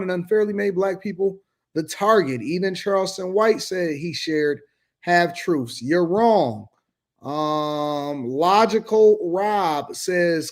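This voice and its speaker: A man hosting a livestream, reading viewer comments aloud with quick casual asides. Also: high-pitched. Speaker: livestream host reading chat.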